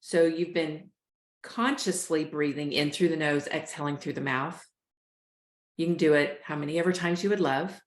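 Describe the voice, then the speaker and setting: A woman hosting a show, calmly coaching listeners through a breathing exercise. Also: low-pitched, normal speed, reverberant. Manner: calm, coaching, addresses listeners as "y'all". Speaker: host, life coach. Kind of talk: guided breathing instruction.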